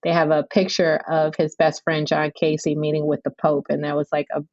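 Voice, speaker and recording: A woman's voice: sits low, little pitch movement, a little fast, a little mellow, no room sound. Chatty woman host, slightly dull audio. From Chicago, USA. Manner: chatty, sprinkles "you know". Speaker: podcast host. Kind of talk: casual interview chat.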